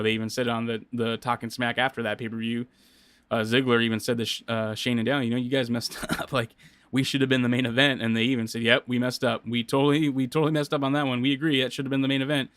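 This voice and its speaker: A man's voice: medium pitch, fairly bright tone, clean tone, no room sound. A man hosting a solo podcast, talking casually and rambling with many fillers and restarts. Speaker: podcast host. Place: home studio.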